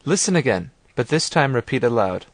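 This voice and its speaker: A man reads a language lesson in a calm, clear voice, guiding the listener step by step. His pitch sits in the middle range, and the recording is dry and close, with no room sound. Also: fairly quick, no room sound. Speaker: language course narrator. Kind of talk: scripted instructional narration.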